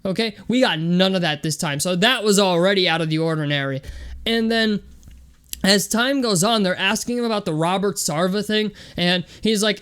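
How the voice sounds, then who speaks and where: A man's voice: sits high, moderate pace, a bit bright, smooth. A young man hosting a sports vlog, talking casually and loosely with lots of fillers. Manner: chatty, loose and conversational with many fillers.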